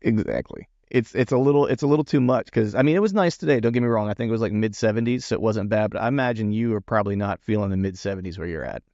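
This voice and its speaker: A chatty male podcast host with a lowish voice who rambles and restarts his sentences. The sound is dry and a bit dull, like remote call audio. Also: fast, few pauses, a little mellow, no room sound. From Pennsylvania. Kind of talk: casual interview chat.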